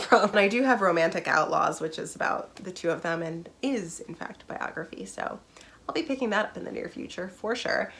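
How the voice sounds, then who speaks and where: A young adult woman chatting casually in a book review vlog, bubbly and rambling, with laughs and asides. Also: medium pitch. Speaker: book vlogger.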